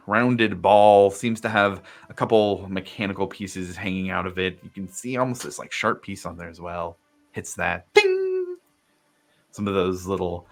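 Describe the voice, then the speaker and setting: A man's voice: sits low, gravelly. A man narrating a tabletop game as game master, describing scenes loosely with fillers.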